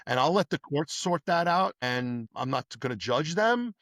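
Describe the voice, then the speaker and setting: New man telling animated stories. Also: on the high side, moderate pace, no room sound, studio quality. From New York. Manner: animated anecdotes with acted-out dialogue. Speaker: podcast guest, former police detective. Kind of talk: casual storytelling interview.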